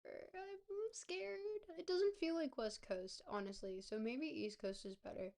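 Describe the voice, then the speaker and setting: A woman streamer, hoarse and gravelly from a cold, chatting casually with her viewers and thinking aloud over a game. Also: medium pitch, sing-song, moderate pace, darkish tone. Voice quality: gravelly, smoker-like. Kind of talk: casual live-stream gameplay commentary. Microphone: close desk mic.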